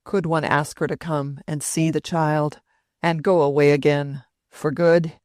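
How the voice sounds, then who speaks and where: Lady reader doing a low, loud, fretful old grandpa, snappish. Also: level tone, a little slow, no room sound, clean studio sound. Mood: agitated. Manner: agitated, protesting. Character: elderly anxious grandfather, irritable.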